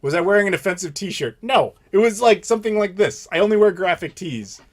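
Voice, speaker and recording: Blunt, animated American man. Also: sits high, a little fast. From United States. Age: 30s. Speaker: channel host. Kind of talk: live stream Q&A storytelling.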